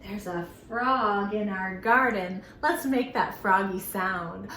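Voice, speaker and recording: A young adult woman, a children's librarian, reading aloud and leading a sing-song storytime, gentle and animated, with gasps and playful animal sounds. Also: medium pitch, slow, few pauses, a little hiss or hum. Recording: echoey room, faint ambience.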